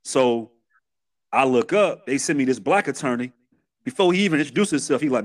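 This podcast guest, a man in his thirties from Chicago, USA, narrates his past with a Chicago accent and frank, streetwise flair, restarting often. He speaks briskly at a medium pitch with lively intonation.

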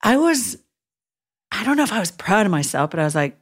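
Husky and sing-song, this medium-pitched woman's voice moves fairly quickly. A middle-aged hospital chaplain, she tells a heartfelt, emotional story in a relaxed podcast conversation, voicing aloud what she thought and said at the time.

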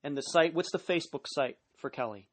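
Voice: medium pitch, animated, fairly quick. A radio host interviewing a guest, with short supportive prompts and questions.

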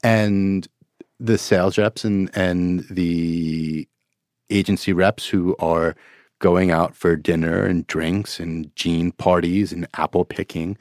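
A man's voice: low-pitched, a little mellow, dry recording, studio quality. A man, a trade journalist guest, talking in a hesitant, self-deprecating way in a casual business chat.

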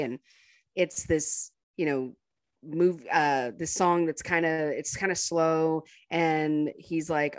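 A woman's voice: low-pitched, measured pace, no room sound. A woman co-hosting a casual film podcast, retelling scenes animatedly and laughing often. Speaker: podcast co-host.

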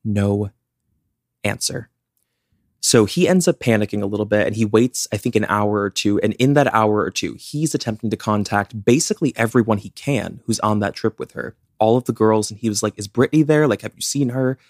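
A young man with a fairly low voice walks a listener through a true-crime case in an easy, chatty way. He keeps dropping "like" as he goes. The sound is close and dry. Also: normal speed, dry recording. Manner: chatty, many "like" fillers. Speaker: podcast co-host. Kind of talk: casual true-crime storytelling.

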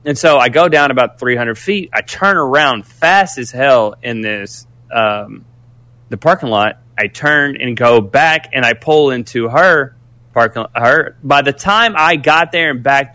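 A man casually telling a story, animated and profane, rambling with restarts. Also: mid-range voice, measured pace, dry recording.

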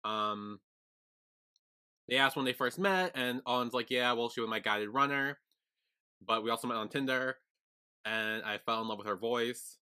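A young man co-hosting a podcast in casual chat, laid-back, bursting into loud laughter and swearing. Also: mid-range voice, normal speed, pauses often, smooth. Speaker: podcast co-host.

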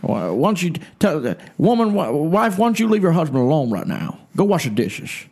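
Blustering older preacher as a man's impression, bossy, mocking, high-pitched. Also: big pitch swings, a little fast, darkish tone. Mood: scolding. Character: blustering older male preacher scolding his audience.

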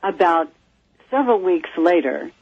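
Raspy, gravelly woman guest; animated storyteller, muffled phone line. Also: lowish voice, moderate pace, no echo. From California, USA. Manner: animated, lively storyteller who acts out quoted voices. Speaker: psychic guest. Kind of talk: storytelling in a phone-in radio interview. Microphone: telephone.

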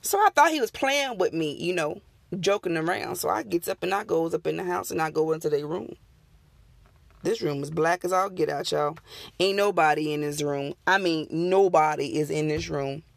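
A woman's voice: low voice, moderate pace, vocal fry, no room sound. A woman on her podcast telling a true ghost story in a casual, folksy way, talking straight to her listeners.

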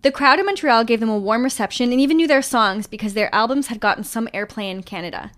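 Woman podcast host narrating a band story, lively and chatty. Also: fairly high pitch, quick pace. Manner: animated storyteller, trailing off with fillers. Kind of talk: casual storytelling chat.

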